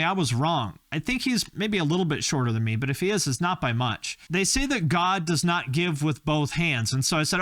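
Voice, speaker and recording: A man's voice: on the high side, fairly bright tone, dry recording, studio quality. A man hosting a YouTube channel, rambling through a joking, casual commentary full of tangents. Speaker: YouTube host.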